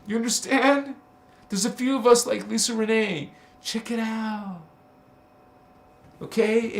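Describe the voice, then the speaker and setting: High-pitched man, livestream host, slow delivery, echoey room, teasing and emphatic with frequent laughs. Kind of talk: casual livestream talk.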